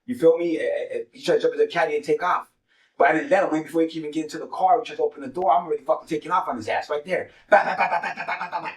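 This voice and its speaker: Fast-talking streetwise man, roomy sound. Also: on the high side, distant mic. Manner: profane, streetwise slang, repeats "money" as a filler. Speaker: show host telling a street story. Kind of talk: casual storytelling.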